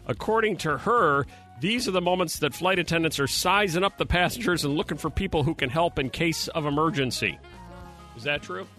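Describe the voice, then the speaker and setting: A male morning-show host with a bright, slightly high voice trades quick jokes with his guests. Faint music sits under his talk. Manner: jokey, quick, self-deprecating. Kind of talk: casual on-air banter.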